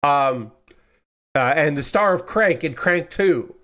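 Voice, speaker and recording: A man's voice: fairly high pitch, animated, slow, a bit bright. A man streaming live while building a model kit, rambling casually with frequent restarts and the odd swear. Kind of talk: casual chat.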